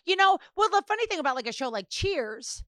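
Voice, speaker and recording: A woman's voice: very high voice, very animated, brisk, pushed and bright, no echo, clean studio sound. A woman hosting a podcast interview in casual chat, blunt, profane and joking. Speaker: podcast host.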